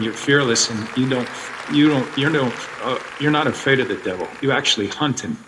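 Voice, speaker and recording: A man's voice: mid-range voice, pushed and bright. Fervent older man speaking in a hall. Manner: halting and fervent, rising to passionate. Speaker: actor speaking at an event. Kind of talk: emotional speech to an audience. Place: large indoor venue.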